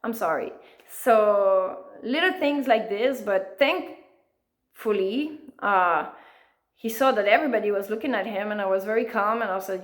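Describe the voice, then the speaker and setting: A woman's voice: medium pitch, expressive, a little slow. A woman, an author being interviewed, talking earnestly in a conversational way with frequent fillers. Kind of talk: conversational storytelling.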